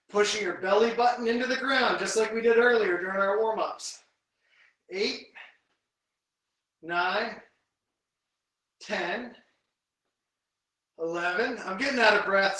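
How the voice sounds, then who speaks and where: Male strength coach leading a live home workout. High, bright voice that counts reps and coaches form, recorded in a very echoey room from a distance. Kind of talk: live guided workout instruction. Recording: very echoey room, voice from away from the mic.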